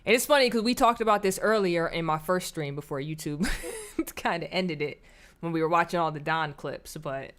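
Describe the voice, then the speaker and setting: A woman's voice: on the low side, very animated, moderate pace, fairly bright tone. A woman giving blunt, scornful commentary on clips during a live stream.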